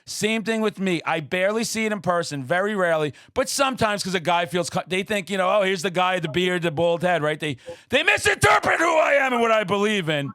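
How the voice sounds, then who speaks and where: A man hosting a podcast interview, talking in a loud, profane, fired-up way with shouted bursts. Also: high-pitched, animated, fairly quick, no echo, clean studio sound. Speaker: podcast host. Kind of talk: casual interview chat.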